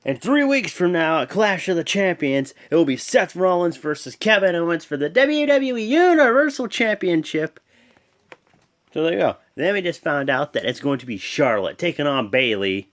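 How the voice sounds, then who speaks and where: A man hosting his own channel, giving a casual, rambling recap full of fillers and restarts, animated as he goes. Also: on the high side, moderate pace. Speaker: host. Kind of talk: casual wrestling show recap.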